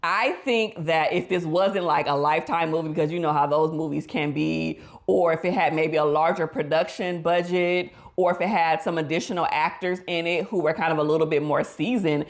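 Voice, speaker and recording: A woman therapist giving casual movie reaction commentary, expressive and slangy, with her voice leaping up for emphasis. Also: normal speed, few pauses. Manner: pitch leaps up in emphasis.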